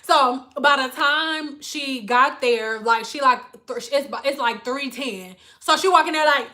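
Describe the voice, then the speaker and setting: A woman with a Detroit accent tells a profane story in a high, bright voice on a livestream. She talks animatedly and breaks off to thank donors. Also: measured pace. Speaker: hairstylist and livestream host.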